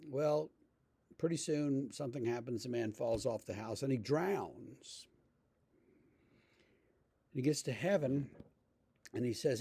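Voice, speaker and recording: A male pastor giving a relaxed, conversational devotional talk, telling stories with frequent fillers. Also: medium pitch, normal speed, vocal fry, husky, dry recording.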